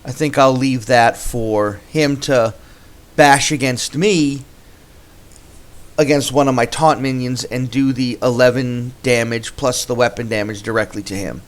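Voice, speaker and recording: Male gameplay host, mid-pitched, relaxed think-aloud commentary with restarts. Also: unhurried.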